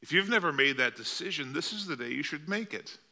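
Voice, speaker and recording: Bright-voiced male preacher. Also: a little high, animated, fairly quick. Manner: storytelling with vivid, dramatic delivery. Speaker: pastor. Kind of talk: sermon. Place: church sanctuary.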